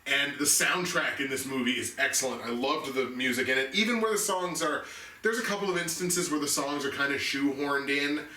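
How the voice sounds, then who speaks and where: Chatting casually and enthusiastically about movies, this male co-host of a review show rambles and keeps restarting his thoughts. He speaks fairly quickly in a mid-range voice that sounds pushed and bright. The recording is distant and off-mic, made in an echoey room with faint noise.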